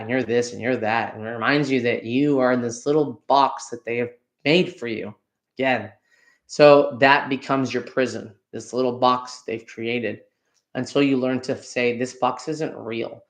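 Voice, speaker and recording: A man hosting a podcast, talking candidly about his childhood, blunt and swearing freely, dropping into quick mocking voices. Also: mid-range voice. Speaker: podcast host. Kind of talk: candid solo monologue.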